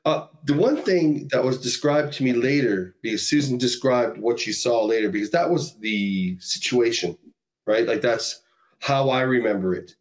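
A man's voice: mid-range voice, moderate pace. Rambling man from Canada telling a story. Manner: rambling, lots of "like" and "you know". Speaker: podcast guest, musician. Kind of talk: casual storytelling chat.

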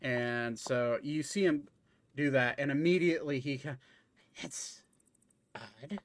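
A man's voice: medium pitch, normal speed. A man narrating a tabletop game as game master, hesitant with many fillers.

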